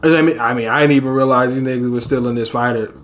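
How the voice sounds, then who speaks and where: A young man casually reading a manga chapter aloud and reacting, laughing often, swearing, and pitching his voice way up for the characters. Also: racing. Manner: animated, laughs often, swears, acts out characters in a high squeal.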